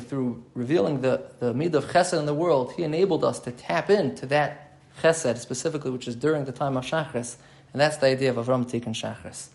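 Man teaching a torah class, gravelly voice, thinks aloud, repeats key phrases. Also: mid-range voice, darkish tone.

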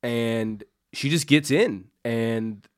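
A man's voice: mid-range voice, extremely slow, no room sound, studio quality. A man, a comedian guest on a podcast, telling a story in a rambling way full of fillers and swearing.

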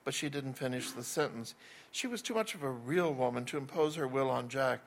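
A man's voice: medium pitch, lively intonation, a little fast, creaky, a little hiss or hum. A man reading a first-person novel aloud in a wry voice, with small slips and restarts. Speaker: narrator.

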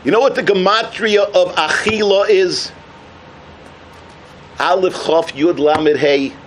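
A man giving a sermon full of jokes and parables, telling them with energy and shouting out the punchlines. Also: high voice, takes it slowly, slight background noise. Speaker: rabbi giving a talk.

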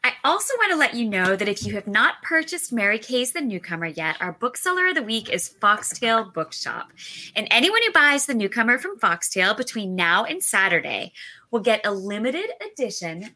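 A woman co-host making brisk announcements. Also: a little high, very animated, bright, forceful tone. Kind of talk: casual chat.

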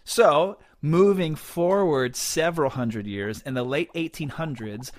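A man's voice: on the high side, unhurried. A man co-hosting a podcast, explaining science in a playful, joking way. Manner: playful, joking, stumbles over hard names. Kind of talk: casual educational chat.

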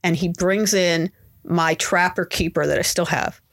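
A woman's voice: lowish voice, steady tone, a little slow. Woman telling a story, acting out quotes. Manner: acts out quotes in raised voices. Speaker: podcast guest. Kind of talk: casual storytelling.

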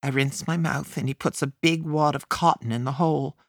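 A woman narrating a first-person memoir as an audiobook, in a measured, plain storytelling manner. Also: deep voice, fairly even intonation, no room sound, studio quality.

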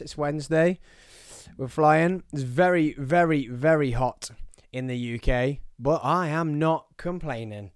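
A man's voice: medium pitch, clean tone, no room sound, studio quality. A man with an English accent hosting a podcast in casual chat, chatty, self-mocking and easily distracted. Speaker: podcast host. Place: small studio. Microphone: studio microphone.

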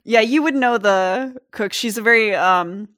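A young woman acting as game master, narrating a tabletop game in a relaxed, chatty way. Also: fairly high pitch, measured pace.

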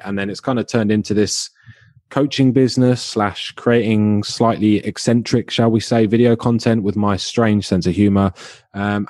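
This is a man in his twenties from the UK, a podcast guest who works as a video coach. He speaks in an easygoing, jokey way with a slightly low voice. The recording sounds dry, with no room echo. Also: a little mellow. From United Kingdom. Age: 20s. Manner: easygoing and jokey, a little self-deprecating. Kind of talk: casual podcast interview.

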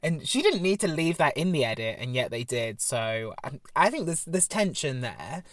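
A man from England co-hosting a podcast in casual chat. His pitch swings widely as he talks, and he laughs often. The sound is close and dry. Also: sing-song, moderate pace, a bit bright, no room sound. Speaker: podcast co-host.

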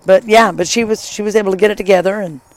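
A middle-aged former high school teacher telling a travel story in casual chat, lively and enthusiastic, with many asides. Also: quick pace.

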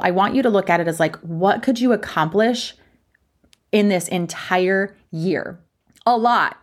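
A woman's voice: mid-range voice, moderate pace. A young woman hosting her own podcast as a fitness coach, talking frankly and chattily, poking fun at herself. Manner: frank, chatty, self-deprecating. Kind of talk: candid solo podcast talk.

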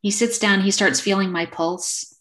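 A woman in her fifties, a podcast guest telling a personal story in a casual, animated way over a remote call. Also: mid-range voice, normal speed. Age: 50s. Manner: animated, acts out quoted dialogue.

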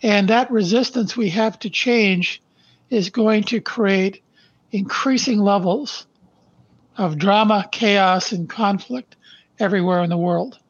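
An older man from Canada, a podcast guest who speaks slowly and deliberately, stressing his points and then reading his life story aloud. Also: sits high, no echo, highs cut off. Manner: slow, deliberate and emphatic.

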